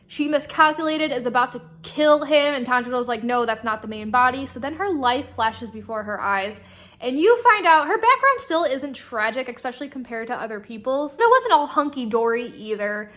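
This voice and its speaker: A woman vlogger chatting casually about the books she is reading. She gushes excitedly and swears freely. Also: sits high, moderate pace. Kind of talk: casual book-reaction chat.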